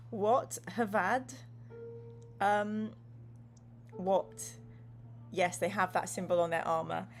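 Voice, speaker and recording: A woman hosting a casual gamebook playthrough, reading viewer comments aloud in a playful tone and narrating the story with dramatic flair. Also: medium pitch. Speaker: host playing a gamebook. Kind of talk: casual game playthrough chat.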